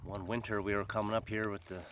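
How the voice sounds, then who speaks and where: A man's voice: on the low side, level tone, quick pace. A man talking casually to his camera while paddling outdoors on a river, joking to himself as he goes. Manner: chatty, joking, talks to himself. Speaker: vlogger. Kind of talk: casual outdoor vlog narration. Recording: noisy outdoor camera audio.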